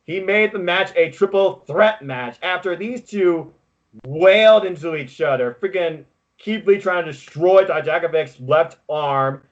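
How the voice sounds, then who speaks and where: A man co-hosting a podcast, recapping wrestling in casual chat with excitable, quick play-by-play. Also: high voice, dull audio. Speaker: podcast co-host.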